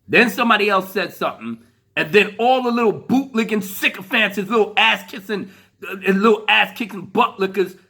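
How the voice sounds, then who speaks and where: A man's voice: high-pitched, fairly quick, creaky, pushed and bright, slightly rough. A man giving a heated, profane ranting commentary, laughing through his rant. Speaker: commentary vlogger.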